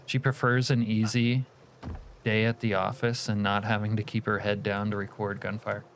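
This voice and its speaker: A man's voice: on the low side, little pitch movement, moderate pace, gravelly, a little hiss or hum. A man live-streaming a game, chatting casually with his viewers, reading their messages aloud and muttering asides about the game as he plays. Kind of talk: live-stream chat while gaming.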